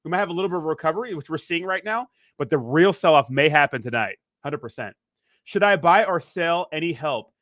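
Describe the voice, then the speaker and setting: A man's voice: fairly high pitch, lively intonation, a little fast, a bit bright, no room sound, clean studio sound. Joking man hosting a livestream. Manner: rambling, joking, reads chat aloud. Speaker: crypto livestream host. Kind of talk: casual livestream chat.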